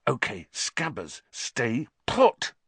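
A man's voice: medium pitch, wildly swooping pitch, slow, fairly bright tone, slightly rough, dry recording, exaggerated voice. A man voicing a flustered, exasperated teenage boy, speaking in raised outbursts. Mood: frantic.

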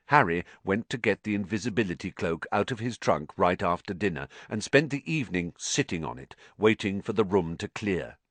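Expressive low-voiced male narrator. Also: normal speed, few pauses, no echo. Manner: expressive, varied character voicing. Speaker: audiobook narrator.

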